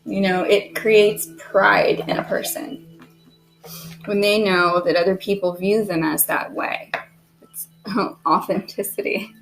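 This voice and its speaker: A woman giving a casual tarot reading, chatty and self-deprecating, who keeps clearing her throat. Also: mid-range voice, fairly even intonation, slow pace, faint music behind, poor audio. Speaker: tarot reader.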